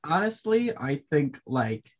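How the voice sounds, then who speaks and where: Husky, lively man from the Chicago suburbs. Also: a little high, slow pace. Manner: teasing, animated, lots of fillers. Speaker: podcast co-host. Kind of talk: casual podcast chat.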